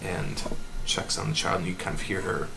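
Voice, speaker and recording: A man narrating a tabletop game as game master in a relaxed, halting way with many fillers. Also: sits low, gravelly, roomy sound, background noise.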